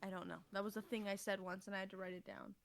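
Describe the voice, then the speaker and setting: A woman's voice: medium pitch, level tone, quick pace, creaky. A woman co-hosting a podcast in casual chat, rambling, laughing and swearing as she reads from an old notebook. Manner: reading aloud from an old notebook. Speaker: podcast co-host.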